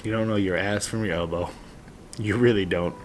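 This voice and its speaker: A man's voice: on the low side, fairly even intonation, normal speed, a little hiss or hum. A man in his late thirties, a father giving heartfelt, earnest advice to other dads, sometimes blunt and swearing. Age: 30s. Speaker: father vlogger. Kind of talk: heartfelt personal monologue.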